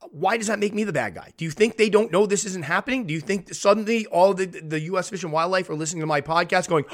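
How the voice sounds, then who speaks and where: A man hosting his own podcast, his voice sitting a little on the high side. He argues his case earnestly and keeps pressing rhetorical questions on his listeners. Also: quick pace, vocal fry, hardly any pauses. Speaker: podcast host. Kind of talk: impassioned monologue.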